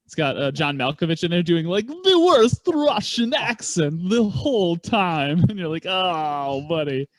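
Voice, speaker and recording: A man's voice: high-pitched, very animated, moderate pace, hardly any pauses. A man playing in a tabletop role-playing game, chatting casually in a rambling, self-deprecating way and laughing often. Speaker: player.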